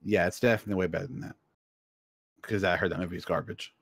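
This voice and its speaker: A man's voice: low voice, steady tone, fast talker, no room sound. A man co-hosting a casual podcast chat, telling a story eagerly and rambling a little. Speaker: podcast co-host.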